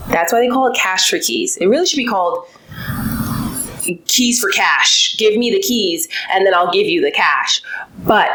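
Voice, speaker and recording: A woman's voice: mid-range voice, expressive, a little fast, a bit bright, poor audio. A young adult woman, a landlord and investor, giving casual advice with frequent fillers and restarts, acting out bits of dialogue. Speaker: real estate investor and landlord.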